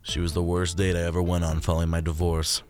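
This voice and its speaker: A man reads a dark first-person story in a plain, unhurried way, cursing now and then. His voice sits on the low side. Faint music plays behind him. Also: completely flat delivery.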